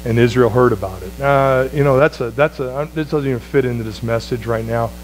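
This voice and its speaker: A man preaching a sermon as pastor, swinging from loud, high exclamations to low, quiet phrases. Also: a little fast, slight background noise, poor audio.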